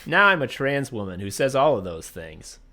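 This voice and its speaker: A man's voice: medium pitch, very animated, normal speed, pushed and bright. A man co-hosting a podcast, rambling and joking in casual chat while reading listener messages aloud. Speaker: podcast co-host.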